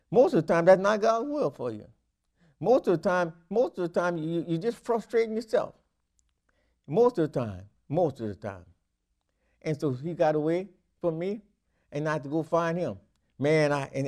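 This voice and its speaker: A middle-aged man preaching to a class in a slightly high voice. He repeats phrases, stumbles through restarts and drops in amens. He swings from loud emphatic bursts to low, quiet asides. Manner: repetitive, call-and-response preaching with frequent amens and stammered restarts. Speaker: minister teaching a class. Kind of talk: sermon-style teaching.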